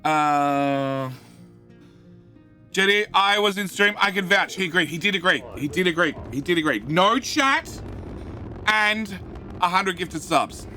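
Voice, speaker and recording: A man talks through a live game stream in a high, bright, forceful voice, shouting greetings and joking with his viewers. He stammers and repeats himself as he goes. Faint music plays behind him. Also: lively intonation, a little slow, pauses often.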